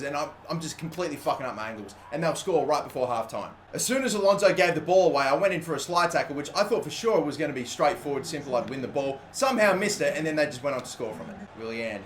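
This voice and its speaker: Brief: young man, gaming commentary, fairly high voice, excitable, curses a lot, echoey room with faint noise. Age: 20s. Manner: excitable, swears often, swings from shouting to muttering. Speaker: gaming YouTuber. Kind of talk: live gameplay commentary.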